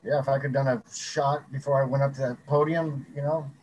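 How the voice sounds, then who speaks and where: Man, rapid speech, slightly high pitch, filler-heavy casual chat, faint background noise. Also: flat delivery, darkish tone, low-quality recording. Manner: quick, loose talk full of fillers like "like" and "you know". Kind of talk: casual recovery-group chat.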